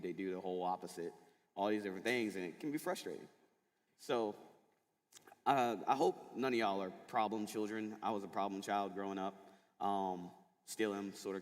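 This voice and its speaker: Low-voiced man giving a casual chapel talk. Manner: casual, chatty storytelling with many fillers. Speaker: school chapel speaker. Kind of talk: sermon to middle school students. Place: large school chapel hall. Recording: long echo of a large hall.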